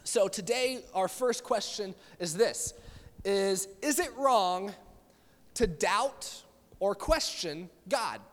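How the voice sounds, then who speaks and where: High-voiced young man preaching in a reverberant hall. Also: expressive, slow pace. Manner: casual, conversational, many fillers and restarts. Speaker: youth pastor. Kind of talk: sermon. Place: church meeting room.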